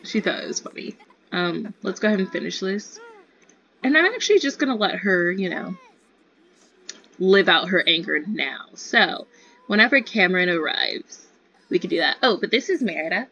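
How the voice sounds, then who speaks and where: A woman's voice: on the low side, expressive, moderate pace, bright, forceful tone, slight background noise. A young woman giving chatty, giggly commentary on her own gameplay. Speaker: gaming video creator. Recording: slightly dull lo-fi sound.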